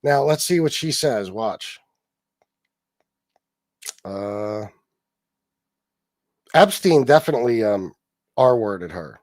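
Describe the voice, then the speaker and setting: A man's voice: medium pitch, expressive, a little mellow. A man hosting a political livestream, chatting casually and bluntly with plenty of swearing as he reads posts aloud and answers his chat. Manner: blunt and profane, quick retorts to chat.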